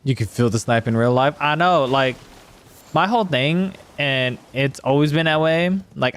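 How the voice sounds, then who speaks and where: A male streamer chatting casually while playing, rambling and swearing as he talks to his chat. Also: mid-range voice.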